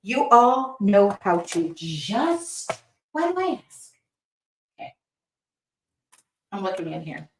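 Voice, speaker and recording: A woman's voice: medium pitch, big pitch swings, slow pace, long pauses, distant mic, a little hiss or hum. A woman hosting a live art demo, chatting casually and reading viewer comments aloud as she paints. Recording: roomy sound, voice somewhat off-mic.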